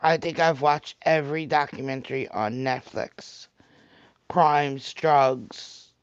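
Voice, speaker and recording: A man with a thick Staten Island New York accent rambles chattily on a livestream, talking straight to viewers and answering their comments. His fairly high voice is slow and fairly even in intonation with a clean tone, on a dry, dull-sounding recording.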